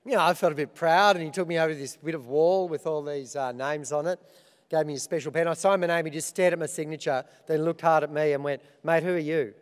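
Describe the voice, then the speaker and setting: A man's voice: fairly high pitch, fairly even intonation, fast, long reverb tail. A middle-aged Australian man hosting an awards ceremony, telling self-deprecating stories with dry punchlines. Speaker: awards host. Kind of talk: comic opening speech.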